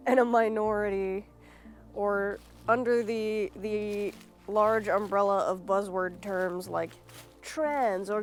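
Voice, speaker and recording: Blunt, sarcastic American woman vlogger. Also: medium pitch. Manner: blunt, sarcastic, swears freely. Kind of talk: opinionated solo commentary.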